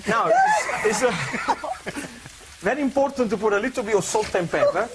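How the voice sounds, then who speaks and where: A man with a fairly high voice, playful and excitable, doing a cooking demonstration on live TV. A steady noise sits under his voice. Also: moderate pace. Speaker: TV chef guest.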